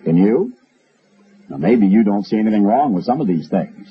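A man's voice: on the low side, animated, moderate pace, slight background noise. Wry, storytelling male radio preacher. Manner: emphatic, storytelling, wry asides. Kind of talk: broadcast sermon. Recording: dull lo-fi radio recording.

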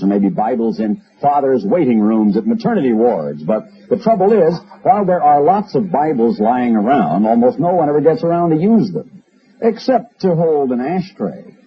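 A man's voice: mid-range voice, slight background noise. A man giving a broadcast sermon on the radio, emphatic and wry, spinning stories and asides. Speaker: radio preacher. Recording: dull lo-fi radio recording.

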